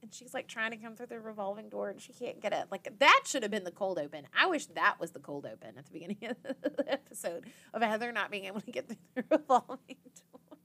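A woman's voice: mid-range voice, animated, quick pace, hardly any pauses, fairly bright tone. A young woman hosting a podcast, casually recapping an episode in a chatty way, full of "like" and acted-out quotes. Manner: chatty, filler-heavy with frequent "like" and quoted reactions. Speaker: podcast host.

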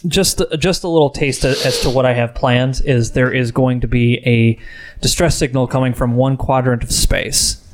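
A man's voice: medium pitch, fairly even intonation, normal speed. A young man on a podcast, opinionated and swearing freely in casual chat. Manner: opinionated, profane.

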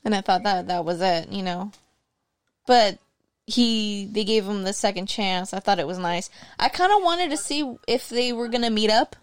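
A woman joining a casual podcast chat, speaking softly and a little hesitantly. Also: mid-range voice, expressive, moderate pace, smooth, no room sound.

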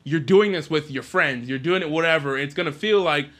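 A man co-hosting a podcast, chatting casually and excitedly about video games, rambling with lots of fillers. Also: fairly high pitch, a little fast. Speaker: podcast co-host.

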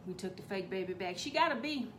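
A middle-aged woman telling a comic family story, profane and animated, with sudden loud bursts. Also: mid-range voice, fast talker. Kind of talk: comedic storytelling.

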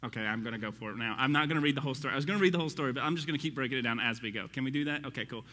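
A man teaching a Bible study to people in the room, in an excitable, conversational way that speaks straight to his listeners. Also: medium pitch, racing, in a large hall.

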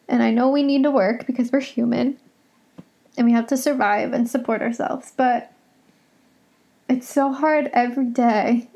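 A woman's voice: on the high side, a little mellow. A young woman hosting a solo podcast from home, talking in a rambling, emotional, confessional way. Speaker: podcast host.

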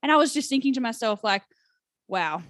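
A woman's voice: on the high side, expressive, brisk, fairly bright tone, dry recording, studio quality. A young woman co-hosting a podcast, telling a story in a chatty, self-mocking way. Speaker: podcast co-host. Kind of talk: casual chat.

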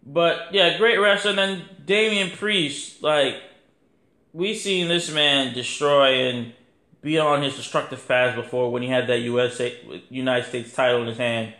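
A man hosting a podcast, talking in a casual, rambling monologue that is animated and full of swearing. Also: medium pitch, unhurried. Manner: animated, profane, rambling, acts out quotes. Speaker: podcast host. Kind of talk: casual wrestling review monologue. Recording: echoey room.

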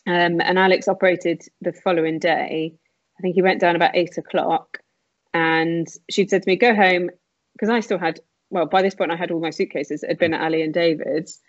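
A woman telling a personal story in conversation, candid and emotional with quick asides. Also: fairly low pitch, steady tone, no room sound, muffled recording. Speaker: guest sharing her story.

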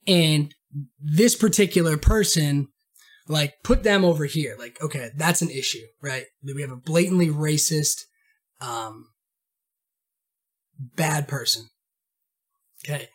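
Animated rambling man from Maine. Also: a little high, measured pace. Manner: rambling, animated, swears, acts out quotes in a raised voice. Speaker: podcast host. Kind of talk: casual monologue.

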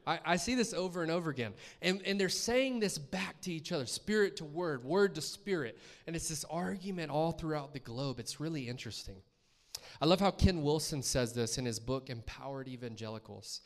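Man, guest preacher, sermon, casual and chatty, questions to the congregation, voice a bit higher than most men. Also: expressive, a little fast. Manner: conversational, asks the congregation questions. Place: church.

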